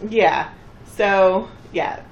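A woman's voice: very slow, reverberant, slight background noise. A woman co-hosting a casual podcast, retelling a cartoon episode and acting out the characters' lines. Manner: chatty, acts out characters' lines with bursts of pitch. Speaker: podcast co-host recapping an episode. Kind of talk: casual chat.

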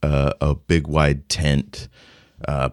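A man's voice: a bass voice, monotone, slow pace, clean tone, no echo, studio quality. A man narrating as game master in a tabletop game, rambling and casual. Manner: rambling, casual, many fillers and restarts.

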